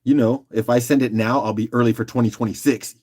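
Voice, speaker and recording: A man's voice: mid-range voice, steady tone, a little mellow. Chatty man running a live auction. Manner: chatty and joking, often laughing and talking to viewers by name; loose and unhurried, with fillers and restarts while doing other tasks. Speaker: host auctioning rocks on a live stream. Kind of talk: casual live-stream auction chat.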